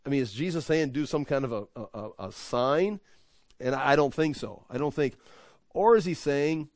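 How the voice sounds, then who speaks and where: A man teaching a Bible study in a conversational way, acting out the people in the story with lively voices. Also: medium pitch, moderate pace, dry recording. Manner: conversational, acts out quotes with animated voices.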